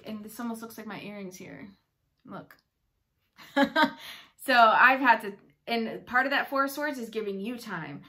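A woman's voice: a little high, bright, forceful tone. A woman giving a casual tarot reading, chatty and bubbly, rambling with fillers and playful asides. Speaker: tarot reader.

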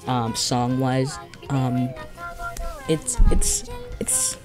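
A casual vlogger with a mid-range voice, rambling along in a giddy way and often restarting sentences. They talk through a headache in a loose, offhand manner. Soft music plays faintly underneath. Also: mid-range voice, wildly swooping pitch, drawn-out words. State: has a headache. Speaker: video creator. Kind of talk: casual vlog commentary.

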